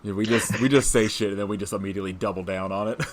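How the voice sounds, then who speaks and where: A man's voice: on the low side, steady tone, rapid-fire, a little hiss or hum. A man co-hosting a podcast in casual chat, rambling, swearing freely and laughing often. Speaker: podcast co-host.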